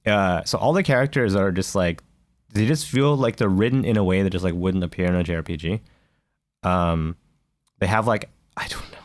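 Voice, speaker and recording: A man's voice: low-pitched, moderate pace, no echo, studio quality. A man co-hosting a podcast in casual chat, rambling with many fillers and restarts. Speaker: podcast co-host.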